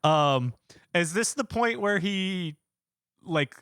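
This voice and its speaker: A laid-back man co-hosting a podcast, talking casually and laughing often. His voice is bright and forceful at a middle pitch. The recording is dry and close. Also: expressive, slow pace, clean tone, no room sound. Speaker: podcast co-host.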